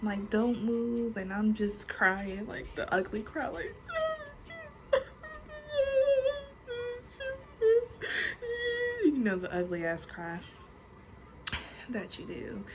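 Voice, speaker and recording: A woman in her twenties tells a story to her vlog audience at an unhurried, drawn-out pace. She chats casually, swears freely and leans on "like" constantly. A faint hum of room noise sits under her voice. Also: mid-range voice, steady tone. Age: 20s. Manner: chatty, swears freely, many filler likes. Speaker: storytime vlogger.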